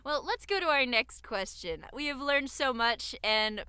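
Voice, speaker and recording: A young woman co-hosting a podcast in casual chat, upbeat and chatty with quick reactions. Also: sits high, lively intonation, pushed and bright, clear, resonant tone, no room sound. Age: young adult. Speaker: podcast co-host.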